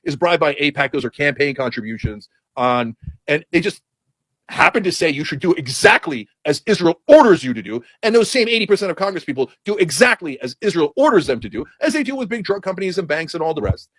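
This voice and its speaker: Fast, lively man ranting about politics. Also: on the high side, no echo. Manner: heated, sarcastic, blunt. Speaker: political commentator. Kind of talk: casual political commentary rant.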